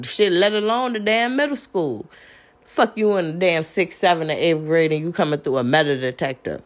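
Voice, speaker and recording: A woman ranting on a podcast, profane and confrontational, laughing between jabs. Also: lowish voice. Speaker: podcast host. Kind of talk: heated solo rant.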